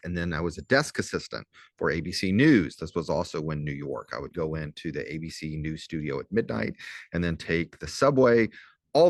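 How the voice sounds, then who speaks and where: A low-pitched man in his fifties with a faint Southern accent talks his students through a casual recorded lecture. He is chatty and wry, slowing right down to spell words out. The sound is dry and close. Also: fairly bright tone, no echo. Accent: slight Southern US. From southern Louisiana. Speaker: professor.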